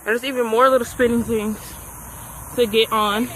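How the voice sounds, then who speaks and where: A woman vlogging on a handheld camera at an outdoor park, chatting in a slangy, excitable way. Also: on the high side, moderate pace, rough recording. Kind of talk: casual vlog chat. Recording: outdoor noise behind.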